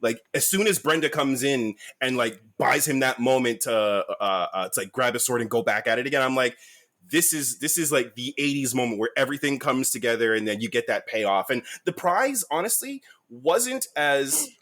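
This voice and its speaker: A man who is a regular on a podcast, telling stories in an excitable, rambling way during a casual chat. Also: medium pitch, normal speed.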